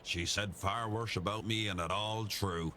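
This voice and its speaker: A man's voice: on the low side, fairly even intonation, measured pace, pushed and bright, slight background noise. An actor voicing a blunt, sardonic Irishman in a mystery game, speaking. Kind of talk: game voice acting.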